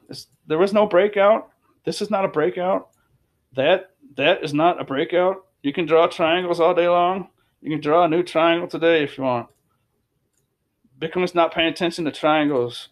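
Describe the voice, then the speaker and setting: A man giving casual, emphatic commentary over charts, repeating phrases and restarting sentences. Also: on the high side. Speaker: crypto commentator.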